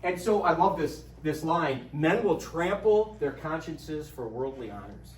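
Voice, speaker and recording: A middle-aged man gives a lively parish talk, joking and telling stories to the room. His voice is a little high for a man and sounds echoey and distant, picked up from across a hall with faint background hiss. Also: unhurried. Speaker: adult formation speaker.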